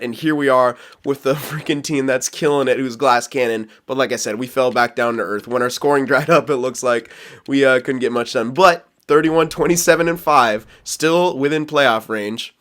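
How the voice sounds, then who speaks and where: A man's voice: mid-range voice, a bit bright. A man casually commenting as he plays a hockey franchise mode, rambling and laughing, talking straight to his viewers. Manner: rambling, self-aware, quick to laugh; talks to viewers while managing a hockey franchise. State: hiccups. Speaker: gaming YouTuber.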